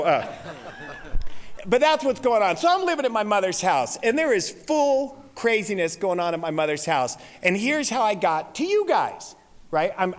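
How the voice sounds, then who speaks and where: A man in his forties telling comic stories as a recovery meeting speaker, laughing at his own lines. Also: sits high. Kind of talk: comic storytelling talk. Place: large convention hall. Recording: reverberant hall recording.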